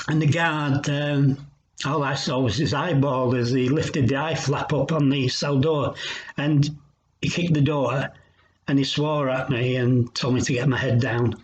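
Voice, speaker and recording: A man giving a personal testimony in an earnest, reflective way, pausing as he tells his story. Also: medium pitch, fairly even intonation, a little hiss or hum. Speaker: Christian recovery speaker. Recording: dull lo-fi sound.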